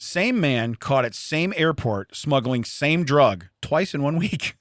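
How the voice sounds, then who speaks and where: A man's voice: fairly high pitch, slow, slight background noise. A man co-hosting a comedy podcast, telling stories in casual chat and laughing often. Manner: animated storytelling, laughs often. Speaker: podcast co-host.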